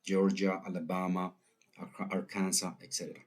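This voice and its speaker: A man's voice: sits low, completely flat delivery, moderate pace. A man hosting an educational video, explaining and listing examples. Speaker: host.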